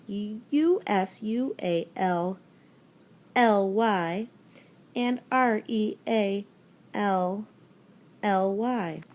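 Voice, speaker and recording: A woman's voice: mid-range voice, extremely slow, pauses often, darkish tone. A woman teacher giving a recorded spelling lesson to young children, talking them through words and spelling them out letter by letter. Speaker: elementary school teacher.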